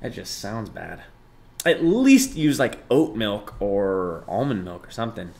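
A man's voice: unhurried, creaky. Chatty young man streaming live. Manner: reads chat aloud, thanks gifters, jumps between loud excitement and low mumbling. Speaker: livestreamer. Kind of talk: casual live stream chat.

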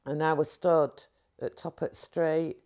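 A woman, recounting a personal experience in an interview in a rambling, animated way with frequent restarts. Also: sits low, measured pace. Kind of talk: candid personal storytelling.

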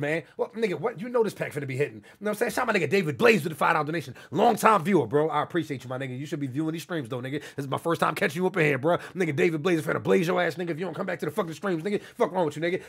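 Fast, gravelly young man hyping donors. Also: a little high, expressive. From New York. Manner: loud, hyped shout-outs to donors in heavy street slang. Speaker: livestreamer. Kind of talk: casual livestream chat reading out donations.

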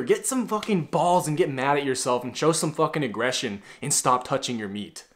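A man's voice: mid-range voice, animated, fairly quick. A blunt man talks straight to the camera like a self-improvement coach. He swears freely, speaks in a mid-range voice, and keeps calling the listener bro. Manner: blunt and profane, calls the viewer "bro". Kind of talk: casual motivational talk to camera.

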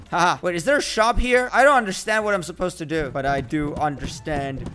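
A man's voice: on the high side, fairly quick, bright, forceful tone, a little hiss or hum. A man giving casual gameplay commentary, joking around with playful mock trash talk and frequent exclamations. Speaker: gaming YouTuber.

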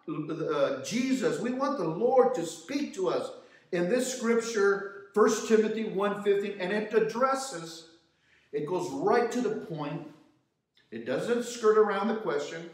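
A man teaching a youth Sunday class in a church, preaching with repeated rhetorical questions and frequent restarts. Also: high voice. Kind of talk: sermon-style Bible lesson. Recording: very echoey church hall, voice from a distance.

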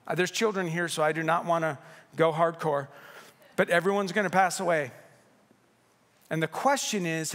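At a candlelight service in a church sanctuary, a middle-aged pastor whose voice sits a little high for a man preaches conversationally. He's animated and playful, tossing in asides and acted-out quotes, and his words echo with a long church reverb.

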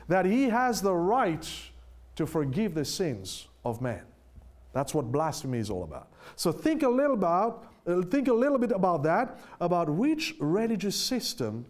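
Emphatic high-voiced male preacher. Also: a little mellow. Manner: emphatic, asks the listeners rhetorical questions; reads scripture aloud slowly with heavy stress. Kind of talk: sermon.

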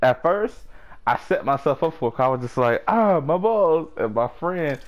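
A man's voice: mid-range voice, animated, fairly quick, lo-fi sound. A young man casually telling a story to friends while gaming, laughing and using slang and swearing. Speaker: gamer chatting with friends. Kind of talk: casual chat over online game. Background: music playing.

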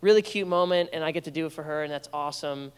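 Young pastor preaching in a reverberant hall. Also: male voice, a little high, fast talker, clean tone. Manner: conversational storytelling with playful asides. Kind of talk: sermon. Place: church sanctuary.

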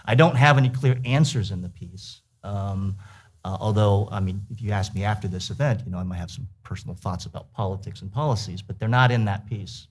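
A man's voice: lowish voice, fairly quick, husky. A man speaking on a book panel, hesitant and thoughtful, with many fillers and restarts, then reading from his essay. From United States. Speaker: author at a book talk. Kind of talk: panel talk and reading aloud.

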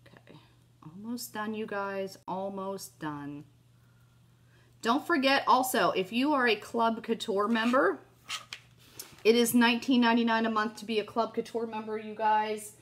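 With a slightly high voice at a measured pace and a little background noise, a woman hosts a casual crafting tutorial. Upbeat and gushing, she keeps checking in with viewers via "you guys" and "oh my gosh," and a cough catches her now and then.

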